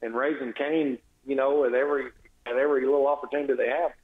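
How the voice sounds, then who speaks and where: A man's voice: medium pitch, steady tone, quick pace. A man, a state legislator, giving a blunt, sarcastic and exasperated phone-in radio interview. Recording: tinny echoey phone line.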